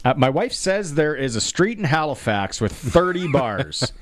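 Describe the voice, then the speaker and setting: A man hosting sports talk radio in a chatty way, with lots of ums and quick asides. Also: a little high, sing-song, dry recording. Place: radio studio.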